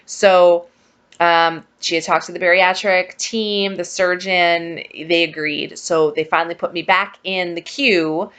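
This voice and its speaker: A woman's voice: lowish voice, a little slow, clean tone. A chatty woman telling a personal story in a casual vlog, acting out the conversations as she goes. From Saskatchewan, Canada. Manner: chatty, animated, acts out quoted dialogue. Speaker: vlogger.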